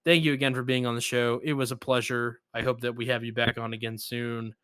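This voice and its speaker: A man's voice: medium pitch, a little fast, smooth, dry recording, clean studio sound. A man hosting a podcast, chatting casually and animatedly acting out the jokes he retells. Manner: animated storyteller, acts out quotes. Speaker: podcast host.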